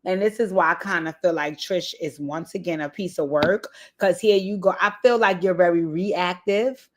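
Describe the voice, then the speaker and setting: A woman's voice: fairly low pitch, moderate pace, slight background noise. A woman giving casual, candid commentary on a reality show, emphatic and profane, often tagging "right?" onto her points. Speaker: reality TV recap host.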